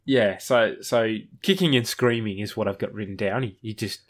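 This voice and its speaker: A man's voice: fairly low pitch, moderate pace. Man recapping an episode casually. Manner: rambling retelling with acted-out quotes. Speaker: podcast host.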